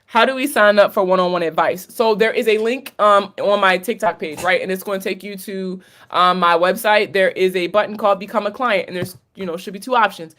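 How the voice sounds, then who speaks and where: A woman's voice: mid-range voice, brisk, hardly any pauses, a bit bright. A woman from Maryland with a Maryland accent, a credit coach answering viewer questions in a casual livestream Q&A, candid and sprinkled with profanity and slang. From Maryland, USA. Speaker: credit coach hosting a live Q&A.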